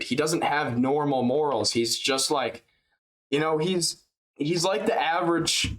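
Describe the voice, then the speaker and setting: A man's voice: mid-range voice, fairly bright tone. A young man hosting a reaction video, rambling in an exasperated, slangy, profane way. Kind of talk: casual reaction commentary.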